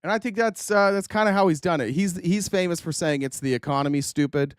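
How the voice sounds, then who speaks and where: A man's voice: high voice, a little fast, clean tone, no echo, clean studio sound. Rambling, profane male political commentator. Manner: rambling, profane, many fillers and restarts.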